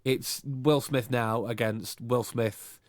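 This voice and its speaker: Speaking slowly at a medium pitch with a steady tone, a man co-hosts a laid-back podcast conversation. He rambles, stays easygoing, and keeps correcting himself, all captured in clean studio audio without any room sound.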